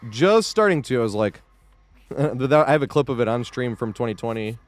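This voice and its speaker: A man's voice: medium pitch, expressive, moderate pace, faint music behind. A man streaming a game live, chatting casually with viewers, swearing freely, laughing often and thanking supporters as he plays. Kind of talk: live gameplay commentary.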